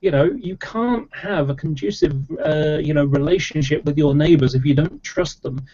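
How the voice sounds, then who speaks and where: On dull, lo-fi audio, a man debating in an online chat rambles through a long, casual explanation with many fillers and restarts. His voice sits on the high side, mellow, at an ordinary speed.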